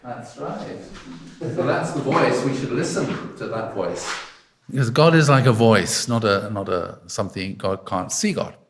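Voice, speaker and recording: A man giving a relaxed sermon in a hall, speaking at an everyday pitch. He talks in a loose, conversational way, trails off into fillers and keeps turning to the congregation with questions. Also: measured pace, a little hiss or hum. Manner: chatty, quizzes listeners with frequent fillers. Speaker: preacher. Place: arts centre hall.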